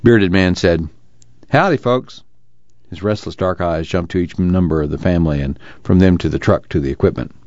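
Deep-voiced male audiobook narrator. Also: no room sound. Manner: steady, measured storytelling. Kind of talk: scripted narration. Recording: dull lo-fi recording.

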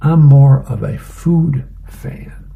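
A man reading a comic aloud, voicing a hungry army sergeant with a slow, pleased drawl. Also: medium pitch, vocal fry, phone-quality sound, pitched above the performer's own voice. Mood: smug.

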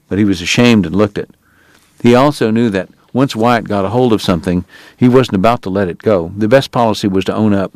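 Man, audiobook narration, steady storytelling, dead dry studio sound. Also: fairly low pitch, a little fast, no room sound.

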